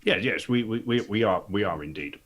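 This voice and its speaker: A man's voice: lowish voice, expressive, fairly quick, fairly bright tone. A man playing a pedantic, tech-minded hero who stammers and lectures in a formal way. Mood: earnest.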